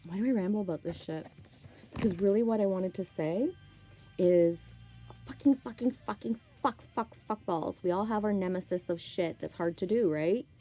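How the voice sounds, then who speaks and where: A woman's voice: mid-range voice, moderate pace, dark tone, low-quality recording. A woman, talking to camera in a candid, rambling, profane monologue, with faint music behind her. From Canada. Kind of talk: casual monologue.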